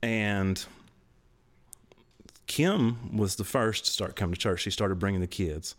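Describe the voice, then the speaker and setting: A man, telling his testimony in casual podcast talk, animated and laughing, his voice jumping way up for emphasis. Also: on the low side, unhurried. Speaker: podcast co-host.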